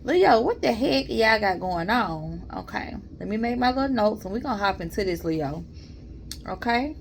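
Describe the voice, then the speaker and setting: A woman at a mid pitch gives a relaxed tarot reading for her viewers. She talks in a chatty, unhurried way and calls them y'all. A faint hiss of noise sits under her voice. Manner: calm and mellow. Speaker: tarot reader.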